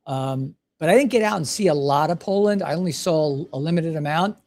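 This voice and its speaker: A man's voice: fairly high pitch, brisk, darkish tone. A man, hosting a podcast and telling casual, self-deprecating stories. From United States. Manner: chatty, self-deprecating, anecdotal. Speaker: podcast host. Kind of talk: casual storytelling.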